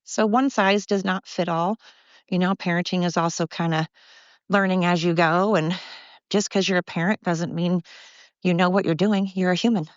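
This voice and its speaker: Out of breath lady rambling into her phone on a walk, blunt, swears a lot, lowish voice, dull dry sound. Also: steady tone, moderate pace, smooth, no room sound. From Oregon, USA. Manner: chatty, digressive, blunt, swears freely. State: out of breath from walking. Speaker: podcast host. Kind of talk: rambling walk-and-talk monologue. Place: outdoors by a river, walking dogs. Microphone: phone held while walking.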